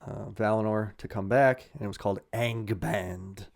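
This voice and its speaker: A man's voice: lowish voice, moderate pace, a little mellow. A man casually retelling fantasy lore on a podcast with crude jokes and frequent laughs. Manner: crude jokey storytelling, laughs often. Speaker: podcast host telling lore.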